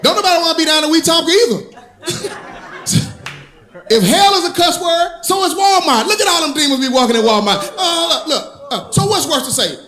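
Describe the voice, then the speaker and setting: High-pitched, lively comedian. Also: male voice, a little fast. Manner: animated storytelling, drawls and shouts punchlines. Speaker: stand-up comedian. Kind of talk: stand-up comedy set. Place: comedy club stage. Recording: echoey room with audience laughter.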